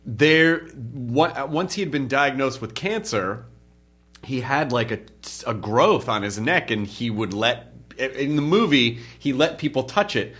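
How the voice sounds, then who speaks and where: A man's voice: medium pitch, animated, fairly bright tone. A man hosting a podcast, chatting casually with a comedian and riffing jokes off his stories. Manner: quick, riffing banter that builds jokes on the guest's stories. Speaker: podcast host.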